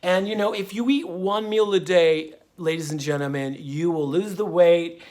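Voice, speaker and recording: A man's voice: high voice, moderate pace, a little mellow. A man hosting his own diet vlog, talking in a folksy, meandering way full of fillers and drifting off topic. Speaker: vlogger and diet channel host. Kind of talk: rambling casual monologue.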